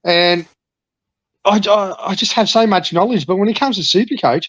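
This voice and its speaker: A man's voice: high voice, moderate pace, fairly bright tone, no echo, lo-fi sound. A man with an Australian accent, a podcast guest talking in a ranting, sweary, mock-boastful way. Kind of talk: ranting casual chat.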